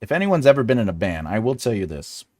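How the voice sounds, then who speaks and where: A man's voice: on the low side, sing-song, fast talker, darkish tone, a little hiss or hum. A man in his forties, host of a casual live chat with his viewers, rambling and jokey and often laughing. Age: 40s. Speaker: livestream host.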